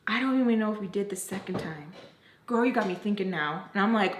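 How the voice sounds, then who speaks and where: A woman's voice: medium pitch, lively intonation, quick pace, slight background noise. A young woman telling a personal story to camera in a chatty, profane way, full of "like" fillers. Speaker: beauty and story-time YouTuber. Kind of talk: casual story-time monologue. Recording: roomy echo.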